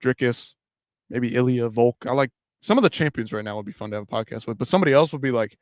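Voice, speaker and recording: A man's voice: medium pitch, lively intonation, fast, dry recording. Tired male streamer, loose and foul-mouthed, bone-dry mic. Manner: loose, profane, rambling with restarts. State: tired late at night. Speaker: livestream host. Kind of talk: casual live-stream chat.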